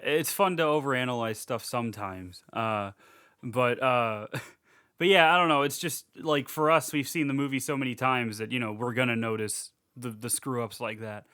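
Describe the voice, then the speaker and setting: A man co-hosting a podcast, rambling casually through a movie recap, laughing and throwing in quick character voices. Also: medium pitch, sharp tone, smooth, no room sound, clean studio sound. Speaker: podcast co-host.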